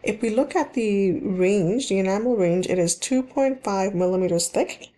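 A woman's voice: mid-range voice, moderate pace, mellow. A woman teaching dental hygiene in a recorded slide lecture, explaining in plain terms and repeating key points, with frequent ums and restarts.

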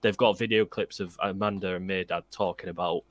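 A man's voice: low-pitched, steady tone, brisk, fairly bright tone, no room sound. A man on a live fan stream panel chiming in with easygoing, chatty comments. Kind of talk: casual live-stream chat.

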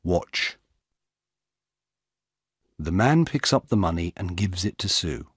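A man narrating a simple story for English learners in a slow, clear, deliberate way. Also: low-pitched, animated, no room sound, clean studio sound.

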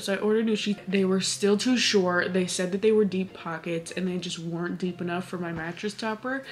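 A woman in her twenties talks straight to camera in a loose, chatty vlog style. Her speech is packed with fillers and casual swearing. Her voice sits at an ordinary pitch for a woman, with soft music playing faintly behind her. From Hawaii. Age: 20s. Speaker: vlogger.

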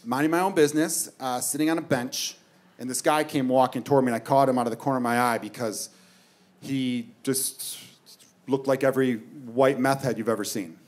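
A man's voice: mid-range voice, fairly even intonation, fairly quick. A male stand-up comedian from the United States telling a profane story on stage, with asides to the audience. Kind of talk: stand-up routine.

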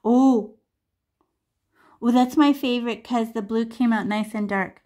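A woman's voice: on the high side, steady tone, measured pace, a little mellow. A woman art teacher leading a live painting class over a video call, chatty and chanting repeated words as she paints.

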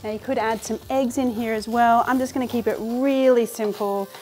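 A woman's voice: on the high side, fairly even intonation, moderate pace, darkish tone. Chatty, upbeat woman hosting a cooking show. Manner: chatty and enthusiastic, laughs often. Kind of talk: casual cooking demonstration. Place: home kitchen.

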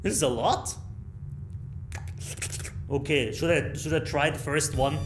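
A young Austrian man livestreams a horror game in a fairly high voice, a little slow, with slight background noise. He's excitable, gasping and yelping, swearing a lot and cracking crude jokes.

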